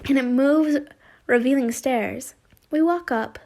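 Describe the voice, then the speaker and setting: A woman's voice: sits high, slow pace, gravelly, a little mellow. A woman casually reading fan fiction aloud, giggling and breaking off into chatty rambling asides.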